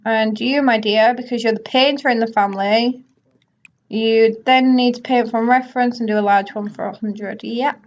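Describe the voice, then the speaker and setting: A woman's voice: a little high, fairly even intonation, normal speed. A woman giving casual, chatty commentary while playing a life-simulation game and bossing her characters around. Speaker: gaming YouTuber. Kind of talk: casual let's play commentary. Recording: slightly muffled audio.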